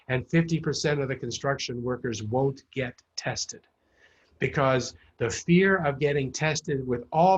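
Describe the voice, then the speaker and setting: A man, a city mayor, speaks over a video call with a husky, breathy edge. The audio is dull and muffled. He talks earnestly and deliberately, circling back on words as he builds a point. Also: mid-range voice. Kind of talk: public forum remarks.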